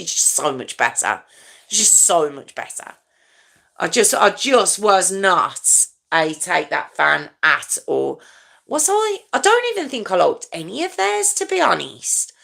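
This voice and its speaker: A woman's voice: mid-range voice, creaky, sharp tone. A woman in her forties hosting a casual live stream, chatty and rambling, teasing herself and answering viewer comments.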